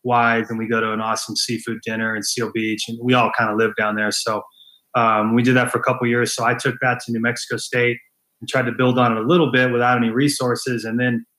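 A man's voice: medium pitch, level tone, fast talker, sharp tone, low-quality recording. A man who is a head baseball coach, talking earnestly as a podcast guest and often restarting and repeating phrases. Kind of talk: casual interview talk.

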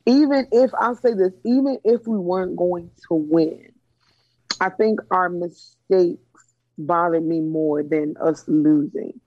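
A woman co-hosting a casual sports chat, blunt and brisk as she reads off picks. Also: lowish voice, lo-fi sound. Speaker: podcast co-host.

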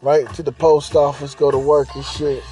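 This podcast host tells a crude, profane comic story, rambling and repeating himself while constantly asking the listener "right?" His man's voice sits on the high side with little pitch movement, mellow in tone, at a normal speed. Soft music plays in the background.

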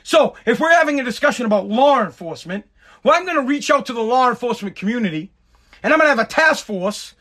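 A man with a strikingly high-pitched voice talks in a loose, rambling rant. He swears freely and mocks with sarcasm. His voice sounds tired and worn from a long workday. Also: a bit bright. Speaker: content creator. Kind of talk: casual ranting monologue.

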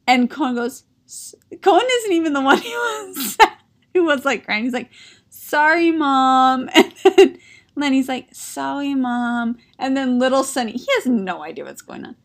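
A woman's voice: high-pitched, sing-song, normal speed. Woman in her thirties, casual podcast chat, chatty storyteller, laughs a lot.

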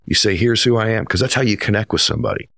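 A man's voice: lowish voice, expressive, very fast, gravelly, a bit bright, no room sound, studio quality. A man hosting an interview, introducing his guest with earnest, emphatic storytelling. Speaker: podcast host.

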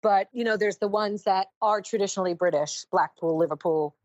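An American woman in her fifties chatting as a guest in an interview, animated and emphatic, often laughing. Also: mid-range voice, fairly quick, no room sound, highs cut off. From United States. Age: 50s. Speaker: guest judge. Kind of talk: casual interview chat.

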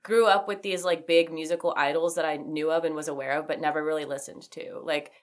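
A young woman with a slightly low voice chats on her podcast. She talks loosely and rambles, with plenty of "like" fillers and quick laughs. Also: steady tone. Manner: chatty, frequent "like" fillers, laughs easily. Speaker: podcast host. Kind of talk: casual chat.

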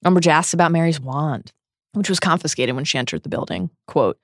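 A woman's voice: low-pitched, big pitch swings, brisk, no echo, studio quality. A woman hosting a podcast, recapping a book in an earnest, dramatic reading. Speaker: podcast host.

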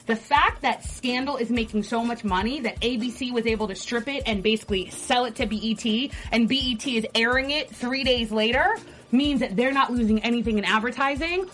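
A woman co-hosting a fan talk show, explaining quickly through examples in casual panel chat. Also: a little high, a bit bright.

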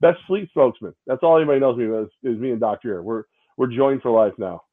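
A man's voice: mid-range voice, fast. A man co-hosting a sports podcast, hungover, telling stories in a rambling way, repeating himself and mimicking other people. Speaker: podcast co-host. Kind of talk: casual sports chat. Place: separate location from co-host. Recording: tinny phone-like line.

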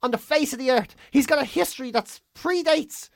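An Irish woman hosting a podcast, chatting casually, animated and swearing freely. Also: high-pitched, brisk, vocal fry, dry recording, studio quality. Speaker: podcast host. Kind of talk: casual chat.

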